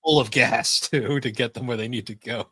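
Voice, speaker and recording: A man's voice: medium pitch, normal speed, pushed and bright, slightly rough, no room sound. A man co-hosting a podcast in casual chat, rambling with many fillers and frequent laughs. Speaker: podcast co-host.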